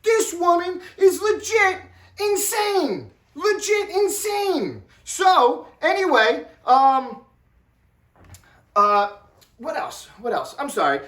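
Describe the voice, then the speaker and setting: A middle-aged man telling an animated vlog story, excitable and repeating himself as he acts out what people said. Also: very high voice, takes it slowly. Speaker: vlogger. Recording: echoey room, distant from mic.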